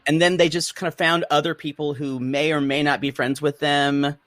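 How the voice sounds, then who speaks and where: A man's voice: on the high side, moderate pace, dry recording. A man hosting a podcast in a gossipy, campy casual chat, often restarting his sentences. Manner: animated, campy and gossipy, repeats words when starting. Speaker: podcast host.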